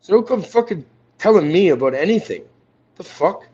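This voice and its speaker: A man's voice: high-pitched, animated, moderate pace, mellow, breathy edge. A man ranting angrily and profanely on a livestream, confronting someone he is arguing with. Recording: dull lo-fi audio.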